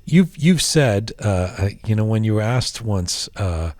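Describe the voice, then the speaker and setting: A man hosting a podcast interview, asking his questions with hesitant fillers and a lively lilt. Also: fairly low pitch, unhurried, no room sound. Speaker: podcast host.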